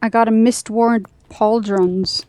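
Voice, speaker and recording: A woman playing along on a livestream, chatting casually in a low-key way with short replies that trail off. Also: fairly even intonation, slow pace, darkish tone, no echo. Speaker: co-player. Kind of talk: casual gameplay chat.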